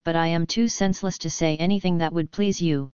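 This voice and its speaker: A woman voicing a gentle, sorrowful male beast in a storybook reading, with a gruff, awkwardly polite manner. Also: fairly low pitch, fairly even intonation, a little fast, no room sound, muffled recording, lightly acted. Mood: melancholy.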